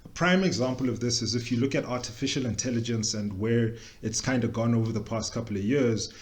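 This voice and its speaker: Chatty man explaining. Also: medium pitch. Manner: chatty, joking asides, quick tangents. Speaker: workshop presenter. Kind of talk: casual explanatory talk.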